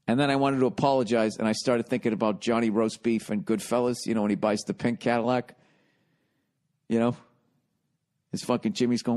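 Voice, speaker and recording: A man in his forties from the United States, hosting a podcast, telling comedic stories in a profane, animated rant. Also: mid-range voice, brisk. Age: 40s. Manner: profane, animated, loud when retelling. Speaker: podcast host.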